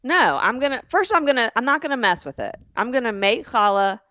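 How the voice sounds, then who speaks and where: A woman's voice: on the high side, a little fast, dry recording, lo-fi sound. A woman from Alabama in her forties, co-hosting a casual sister podcast and telling family stories with lots of acted-out voices. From Birmingham, Alabama. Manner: animated storytelling, acting out family voices. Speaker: podcast co-host.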